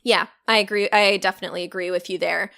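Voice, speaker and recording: A woman co-hosting an anime review podcast in casual chat, excitable, laughing often and swearing freely. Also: mid-range voice, quick pace, gravelly. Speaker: podcast co-host.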